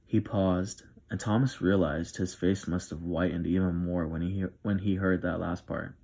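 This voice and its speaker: A man reading a novel aloud in a soft, steady ASMR style. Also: deep voice, moderate pace, gravelly. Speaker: narrator.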